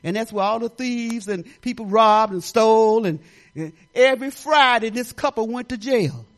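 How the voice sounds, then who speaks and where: An older woman pastor from Detroit giving a folksy, animated sermon, talking straight to the congregation with laughing asides. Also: a little high, normal speed. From Detroit, Michigan.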